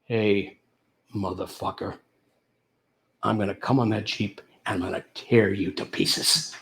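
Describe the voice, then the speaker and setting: A man voicing a hungry lion who threatens to tear him apart, in a low, quiet, threatening tone. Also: fairly even intonation, unhurried, vocal fry, a little hiss or hum. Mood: menacing. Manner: growling, threatening. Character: hungry menacing male lion.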